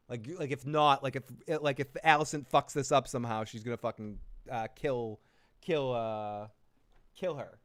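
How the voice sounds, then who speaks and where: A man's voice: medium pitch, fairly even intonation, moderate pace. A man hosting a live recap stream, chatting casually in a loose, joking, profane way.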